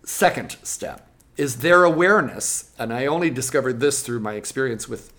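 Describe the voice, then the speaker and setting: A music teacher explaining classroom methods in an interview, lively and now and then acting out classroom voices. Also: medium pitch, normal speed.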